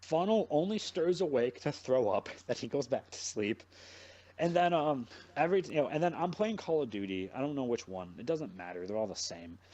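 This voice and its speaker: With the highs cut off in the recording, a young male podcast host speaks at normal speed in a medium-pitched voice. He's casually chatting through a long story, animated and rambling, cursing all the while.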